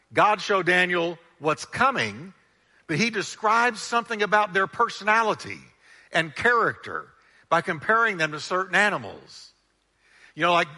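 Lively, bright-voiced male pastor preaching. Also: high voice, in a large hall. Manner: animated preaching with call-and-response. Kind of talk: sermon.

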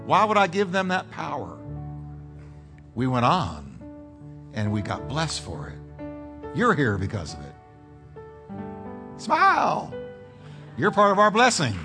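A middle-aged man preaching as a pastor, with sweeping swings in pitch and emphatic build-ups. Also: huge pitch swings, unhurried, long pauses, over music. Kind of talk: sermon. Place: church sanctuary.

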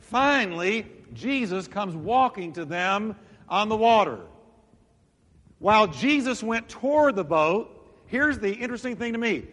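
Male preacher, high bright voice, dramatic storyteller, reverberant hall sound. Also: expressive, unhurried. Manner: dramatic storytelling, acting out voices of Bible figures. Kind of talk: sermon.

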